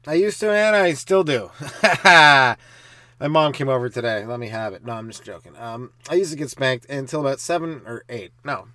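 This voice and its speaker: A young man from Canada tells rambling stand-up stories on his podcast, swearing freely and suddenly jumping into loud acted-out voices and laughter. His voice sits at an everyday middle pitch. The sound is close and completely dry. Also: lively intonation, normal speed, dry recording. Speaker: stand-up comedian, podcast host. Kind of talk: rambling comic storytelling.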